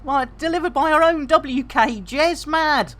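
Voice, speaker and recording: A woman chatting casually and jokily to her viewers while she plays a game live, full of slang and quick to laugh. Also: sits high, fairly bright tone. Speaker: game streamer. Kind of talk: casual live-stream chat while playing.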